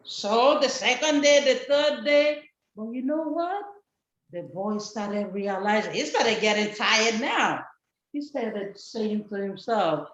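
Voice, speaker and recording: Animated church storyteller for kids, high voice, slow delivery, over a video call in a roomy echo. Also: female voice, muffled recording. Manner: animated, expressive, asks kids questions.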